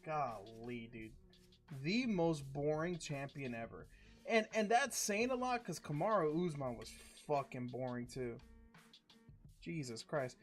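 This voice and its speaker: A man's voice: on the high side, animated, a little slow, faint music behind. A man hosting a live card-break stream, chatting casually with slangy, profane banter.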